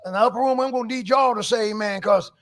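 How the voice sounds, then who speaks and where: A male preacher giving a fervent church sermon, with stumbling restarts between shouted passages. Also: extremely high pitch, fast.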